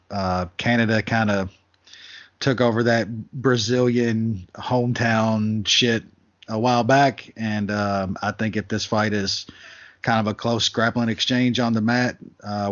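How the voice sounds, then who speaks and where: Man, slightly low voice, filler-heavy co-host, lo-fi. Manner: hesitant, hedging, filler-heavy. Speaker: podcast co-host. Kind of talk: casual betting chat. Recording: dull lo-fi audio.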